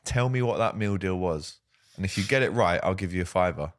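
Low-voiced chatty man hosting a stream. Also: expressive, a little fast, dry recording, clean studio sound. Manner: chatty, jokey, reads viewer comments aloud. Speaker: host. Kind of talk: casual live-stream chat reading comments.

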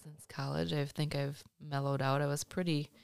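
Middle-aged mom with a stuffy nose chatting at home, rambles and restarts, bit of fry. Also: female voice, deep voice, little pitch movement, moderate pace, no room sound, clean studio sound. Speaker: mother being interviewed by her son. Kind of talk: casual chat. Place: home basement.

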